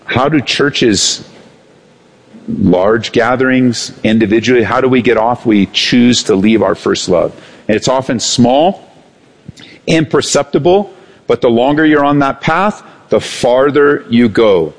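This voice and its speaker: A man preaching a sermon as pastor, animated, swinging between raised and hushed delivery. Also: mid-range voice, a little slow.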